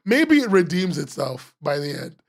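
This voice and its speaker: A man's voice: fairly high pitch, sing-song, normal speed, vocal fry. A man hosting a webcomics podcast, ranting sarcastically as he critiques comic pages, swearing and laughing.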